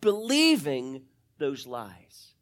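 A pastor preaching a sermon and speaking directly to the congregation, swinging between fast, loud bursts and slow, hushed stretches. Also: medium pitch, huge pitch swings.

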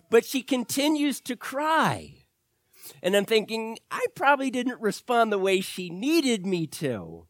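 A man preaching a sermon as pastor, telling personal stories with animated quoted voices. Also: extremely high pitch, a little slow, no room sound, clean studio sound. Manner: storytelling with animated quoted voices, rising and loud at peaks.

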